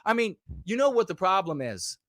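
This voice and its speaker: A male livestream host ranting at his audience, combative and profane, sometimes rising to shouts. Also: sits high, sing-song, a little fast, no echo, studio quality. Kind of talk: livestream rant.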